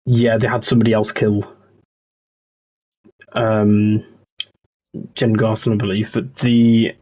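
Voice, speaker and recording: Husky low-voiced man chatting. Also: slow pace. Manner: rambling, relaxed, reads and answers chat. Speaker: streamer. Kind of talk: casual livestream chat.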